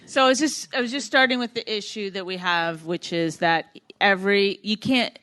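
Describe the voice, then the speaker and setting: A woman's voice: mid-range voice, moderate pace, fairly bright tone. A woman co-hosting a comedy podcast on a live stage, her voice in a middle register. She chats loosely and keeps laughing at her own bits. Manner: chatty, laughs at herself.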